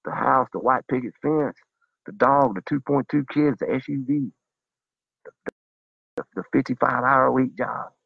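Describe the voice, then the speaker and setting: A man's voice: mid-range voice, steady tone, normal speed, vocal fry, pauses often, husky, no echo, narrow, tinny audio. A man delivering a fired-up, profane, preachy monologue to his viewers. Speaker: vlogger. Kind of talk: impassioned monologue to camera.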